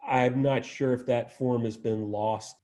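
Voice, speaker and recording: Mellow-voiced man giving a relaxed lecture. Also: medium pitch, measured pace. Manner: conversational, frequent restarts and "you know". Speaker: arboretum director giving a plant talk. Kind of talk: informal lecture.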